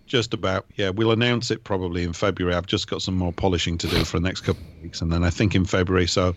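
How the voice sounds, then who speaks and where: A man talking as a regular guest on a radio show in a casual, fast, rambling way, calling in over a remote line. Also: low voice, lo-fi sound. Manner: fast, rambling, animated talker. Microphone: remote call line.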